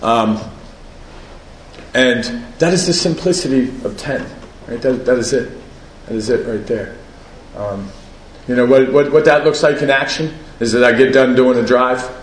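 A man's voice: medium pitch, moderate pace, a little hiss or hum. Man sharing his story in an echoey room. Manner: conversational, keeps asking "right?", laughs at himself. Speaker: recovery meeting speaker. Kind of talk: personal share at a recovery meeting.

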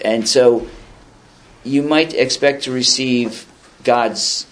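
A man's voice: mid-range voice, steady tone, slow pace. A man in his fifties, speaking at a recovery meeting in a meeting room. He reads passages aloud and comments on them in a rambling, conversational way with dry self-deprecating humor. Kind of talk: casual spoken share, reading passages aloud and commenting.

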